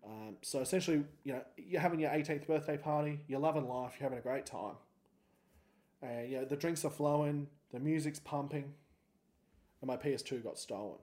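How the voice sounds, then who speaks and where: A man in his thirties with an Australian accent hosts a solo podcast, rambling and joking easily through a story. His voice is medium in pitch with a darkish tone, and he talks a little fast.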